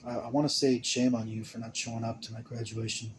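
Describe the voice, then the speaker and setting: A young man talking to camera in a rambling, emotional monologue. He stammers, restarts and repeats words, swinging between mumbling and loud bursts. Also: medium pitch, little pitch movement, fast talker, slight background noise.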